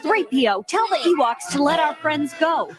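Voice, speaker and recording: An actress playing a young princess and rebel leader, speaking urgently on a vintage storybook record. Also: female voice, high-pitched, animated, normal speed, crowd noise.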